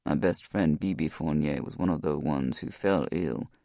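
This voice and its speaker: A man voicing a grieving former Navy SEAL, deep and gravelly, telling his past in a low, weary way. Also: normal speed, dark tone, dry recording, studio quality.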